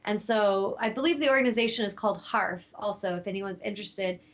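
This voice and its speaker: A woman's voice: mid-range voice, fairly quick. A woman hosting her own show, telling a personal story in a heartfelt, spiritual way, rambling a little with fillers. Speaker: talk show host.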